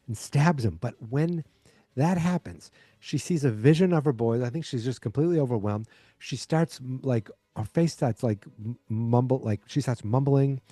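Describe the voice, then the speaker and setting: A man's voice: medium pitch, dark tone, dry recording. A man hosting a podcast, casually recapping an episode in a rambling way full of fillers. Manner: rambling, filler-heavy retelling. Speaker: podcast host.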